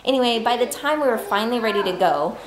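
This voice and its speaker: A woman's voice: a little high, expressive, fast. A woman in her thirties, a mother talking candidly to the camera at home in a casual, chatty family vlog. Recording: roomy home recording with noise.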